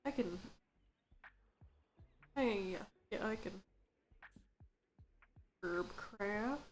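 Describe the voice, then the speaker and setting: A woman's voice: mid-range voice, animated, very slow, faint music behind. A woman streamer chatting casually while she plays a game, giggling and joking about what she reads aloud. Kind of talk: casual live gameplay chat.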